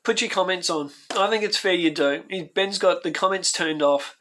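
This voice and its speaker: With a high-pitched, bright and forceful voice at a moderate pace, and a little hiss or hum in the audio, an Australian man hosts his YouTube channel. His reaction commentary is a sincere, repetitive rant that loops back on itself, and he becomes emotional while talking.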